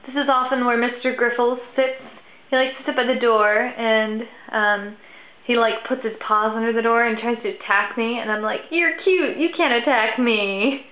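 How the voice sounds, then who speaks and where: A woman's voice: fairly high pitch, level tone, normal speed. A young woman vlogging casually from her old bedroom, chatting and cooing at her cats, bubbly and easily distracted. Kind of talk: casual vlog chat. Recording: tinny, echoey phone-like sound.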